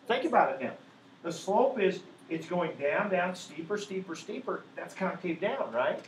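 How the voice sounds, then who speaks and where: A man's voice: high-pitched, animated, normal speed. A man teaching a math class, walking patiently through each step and checking in with the students again and again. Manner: keeps checking in with students by asking "right?". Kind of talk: classroom lecture. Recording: echoey classroom with faint background noise.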